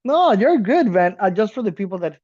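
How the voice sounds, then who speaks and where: A man from South America co-hosting a podcast in casual chat, animated and laughing, swearing casually. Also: sits high, brisk, muffled recording, a crowd in the background. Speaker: podcast co-host.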